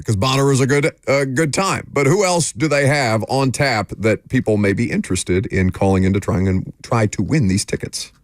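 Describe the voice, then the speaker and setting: A man's voice: medium pitch, dry recording. A man hosting sports talk radio and getting worked up as he makes his points. His voice sits mid-range, close on a studio mic. The room sound is dead dry. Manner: opinionated, emphatic ranting. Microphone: studio microphone.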